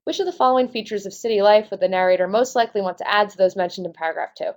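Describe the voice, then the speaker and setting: A woman's voice: mid-range voice, rapid-fire, darkish tone. Young woman, test prep tutor, casual explainer, wry asides. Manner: casual, self-deprecating, talks through answer choices.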